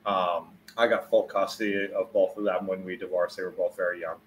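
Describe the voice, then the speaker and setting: A man in his forties talks to his viewers on a casual livestream. His voice sits a little low, with a faint hum of noise behind him. He rambles, swears without thinking, and gets loud when he tells a story. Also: level tone, a little fast. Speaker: livestreamer answering chat.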